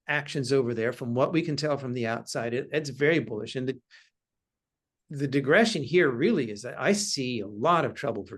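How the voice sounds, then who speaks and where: A male guest working through a markets question in an interview. He talks in a careful, analytical way and often qualifies his points. His voice sits at an ordinary middle pitch. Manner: analytical, cautious. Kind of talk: interview conversation.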